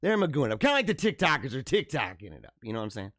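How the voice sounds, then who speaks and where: A livestream host speaks in a mid-range, racing voice, captured as clean studio sound with no room tone. He chats loosely, reads out viewer comments and laughs often, sounding animated and slangy with plenty of "dude", "bro" and "man".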